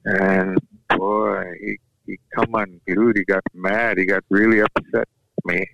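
A man whose first language is Yup'ik, telling a personal story in an unhurried, halting way, often restarting his sentences. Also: deep voice, little pitch movement, gravelly, a bit bright, dry recording. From Alaska. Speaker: guest sharing a personal story. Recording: dull lo-fi dry recording.

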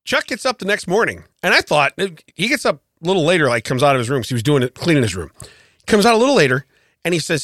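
A man co-hosting a casual podcast, spinning an animated story and hammering his points by saying them twice. His voice sits a bit high and swings widely in pitch, with a bright edge. The sound is dry and close. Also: very fast, dry recording. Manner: animated storytelling, repeats himself for emphasis. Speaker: podcast co-host. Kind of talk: casual chat.

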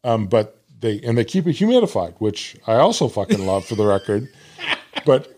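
A man co-hosting a podcast in a cigar shop, chatting casually with a deep voice and frequent laughs. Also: normal speed. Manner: laughs often, relaxed and self-deprecating. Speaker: podcast host. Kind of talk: casual chat.

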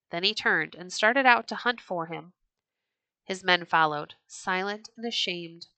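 A woman reading a children's storybook aloud, clear and gentle. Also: lowish voice, measured pace, no echo, rough recording.

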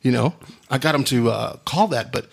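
Husky animated man telling a story. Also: mid-range voice, moderate pace. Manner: animated storyteller, acts out quotes. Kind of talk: casual storytelling chat.

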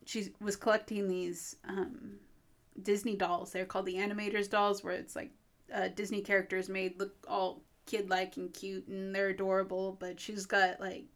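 A woman co-hosting a podcast in casual, easygoing conversation. She rambles along with lots of fillers and restarts, in a mid-pitched voice. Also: level tone, moderate pace. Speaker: podcast co-host. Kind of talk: casual chat.

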